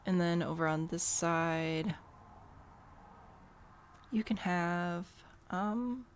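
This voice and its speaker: A woman's voice: fairly low pitch, extremely slow, a little hiss or hum. A young woman giving casual, rambling gameplay commentary, thinking aloud and poking fun at herself. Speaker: gameplay host.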